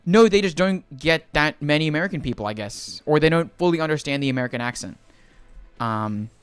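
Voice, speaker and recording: On a livestream, a young man from the Philippines answers chat questions in a casual, rambling way, his Australian accent touched by a Filipino lilt. The pitch is on the high side, the intonation lively, and the delivery smooth and a little fast, with no echo.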